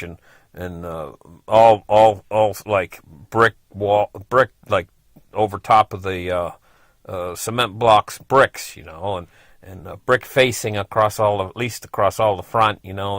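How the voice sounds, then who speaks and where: A man's voice: lowish voice, fairly bright tone, no echo. A middle-aged man casually telling a personal story, rambling along with lots of "you know" and frequent chuckles.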